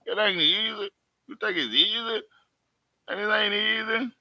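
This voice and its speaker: A man's voice: sits high, measured pace, sharp tone, no echo. A man hosting his own live stream, talking emphatically and repetitively in casual street talk to his viewers from home. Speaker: host.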